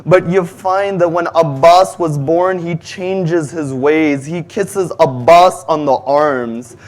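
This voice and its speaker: A man's voice: fairly high pitch, slow, darkish tone, faint music behind. A man delivering a religious majlis sermon, telling the story with passion and quoting Arabic lines that he then translates. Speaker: majlis speaker.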